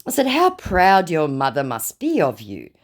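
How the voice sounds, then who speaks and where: A woman's voice: low-pitched, wildly swooping pitch, moderate pace. A woman narrating a storytime vlog, reading out chat messages in a sarcastic, mocking way. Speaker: vlogger recounting scam chats.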